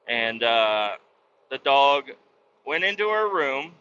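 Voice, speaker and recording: A man's voice: mid-range voice, sing-song, slow pace, pushed and bright, dull audio, a little hiss or hum. A man telling stories in a casual, profane, rambling monologue as the host, talking from his truck. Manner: profane, blunt storytelling. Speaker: podcast host.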